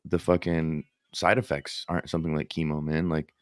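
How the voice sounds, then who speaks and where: Very deep-voiced podcast co-host. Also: male voice, fairly quick, dry recording. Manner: relaxed, swears a lot. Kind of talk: casual chat.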